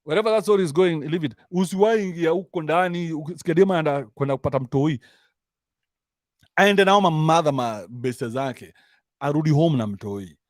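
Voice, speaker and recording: A man's voice: on the high side, fairly quick, no room sound, clean studio sound. A man with a Kenyan accent giving a crude, mocking comic rant, switching between English and slang. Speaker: commentary show host. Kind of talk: rant-style comic commentary.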